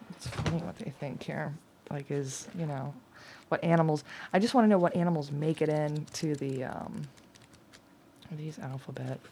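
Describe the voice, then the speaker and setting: A middle-aged woman reading tarot and oracle cards in a rambling, chatty way, laughing often and at times dropping to a soft whisper. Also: low voice, creaky, background noise. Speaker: tarot and oracle card reader. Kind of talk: casual card-reading chat.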